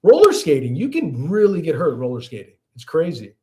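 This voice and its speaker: A man in his thirties, from the Chicago area and carrying its accent, replies to viewer comments on a casual livestream with frequent restarts. His fairly high, slightly mellow voice swoops wildly in pitch, and his pace is brisk.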